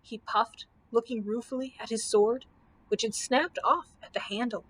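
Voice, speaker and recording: A woman librarian reading a children's storybook aloud with expressive, measured storytelling. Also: fairly high pitch, rough recording.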